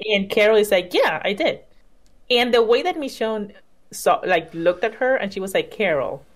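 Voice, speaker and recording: A woman co-hosting a casual TV recap chat, chatty and quick to laugh. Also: medium pitch. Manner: chatty, laughs often, many backchannels. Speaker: podcast co-host.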